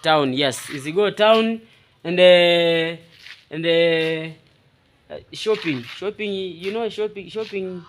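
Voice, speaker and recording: A man with a Swahili accent chatting casually in halting English, repeating words and laughing often. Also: high-pitched, a little hiss or hum. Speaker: vlogger. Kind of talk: casual chat in broken English.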